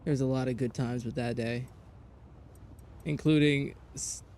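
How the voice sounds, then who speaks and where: A man streaming a game, telling a story in casual chat, animated and profane, jumping between loud outbursts and low mutters. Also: unhurried, slight background noise. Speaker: gaming streamer.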